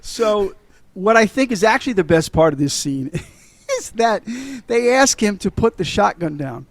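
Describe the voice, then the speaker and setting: A man's voice: sits high, sing-song, measured pace, dry recording. A middle-aged man co-hosting a podcast, retelling movie scenes in a casual, laughing way with frequent swearing. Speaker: podcast co-host. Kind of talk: casual movie-recap chat.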